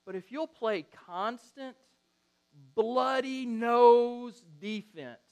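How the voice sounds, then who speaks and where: A middle-aged preacher delivers a sermon in a high-pitched voice. He tells stories with lots of animation and acts out the lines of the people in them. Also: extremely slow, clean tone. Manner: animated storytelling, acts out quotes. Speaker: pastor.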